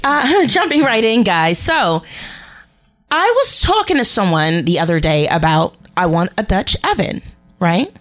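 A woman's voice: medium pitch, very animated, a little slow, a bit bright. A woman co-hosting a podcast in casual chat, blunt and profane, who often trails off mid-sentence. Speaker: podcast co-host.

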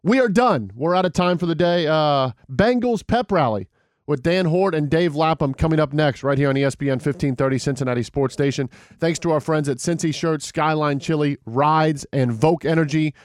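A man hosting sports talk radio, interviewing a guest and signing off in a brisk, upbeat way. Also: fairly high pitch, no echo, studio quality. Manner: brisk, upbeat sign-off delivery.

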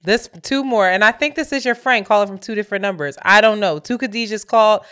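A woman co-hosting a podcast in casual chat, emphatic and playful, with quick asides. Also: mid-range voice, a bit bright. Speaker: podcast co-host.

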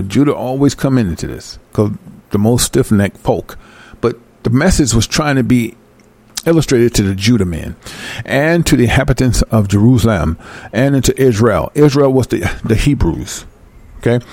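A man leading a verse-by-verse bible study, reading verses slowly and then explaining them in loose, fired-up street talk. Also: mid-range voice, a little mellow, dry recording. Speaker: scripture teacher.

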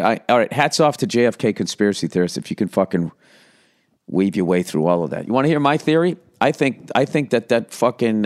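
A man's voice: mid-range voice, darkish tone, clear, resonant tone. A man hosting a comedy podcast, rambling through profane asides with mock outrage in a casual rant.

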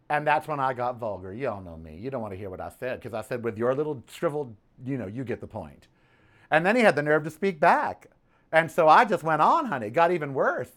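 A man's voice: fairly high pitch, expressive, brisk, fairly bright tone. A man hosting his own podcast, ranting casually about politics and telling a story with sassy "honey" asides. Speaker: podcast host.

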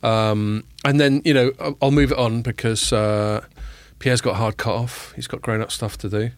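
A man hosting a casual tech podcast, joking with quick asides and plenty of fillers. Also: mid-range voice, steady tone, dry recording. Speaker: podcast host.

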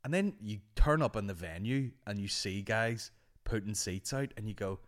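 A man's voice: fairly low pitch, moderate pace. A man with a Northern Irish accent hosting a podcast, telling rambling, sweary stories in casual chat. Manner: sweary, rambling, animated anecdotes. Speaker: podcast host.

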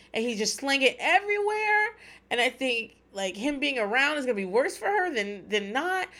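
Woman podcast host, kinda high voice, swears a ton, laughs while she talks, loose casual chat. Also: fairly bright tone. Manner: candid, profane, laughs often.

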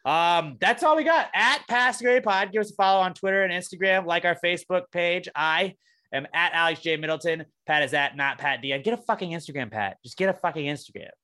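Podcast guy with a bright edgy voice, jokey and profane, just shooting the breeze. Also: high voice, fairly quick. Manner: profane, joking, sarcastic. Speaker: podcast co-host. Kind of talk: casual comedy podcast banter.

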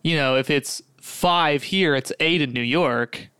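A young man co-hosting a podcast, bantering playfully in a quick, jokey back-and-forth. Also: a little high, sharp tone, smooth, no room sound, studio quality. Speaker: podcast co-host. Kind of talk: casual banter.

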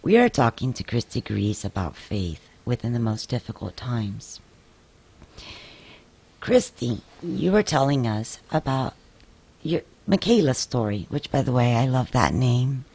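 Lively, gravelly woman host. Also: very deep voice, measured pace. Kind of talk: faith interview show.

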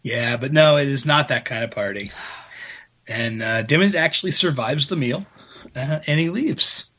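A man's voice: medium pitch, lively intonation, normal speed, bright, forceful tone, breathy edge. A man co-hosting a casual podcast recap while sick with a cough, dry and understated. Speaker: podcast co-host.

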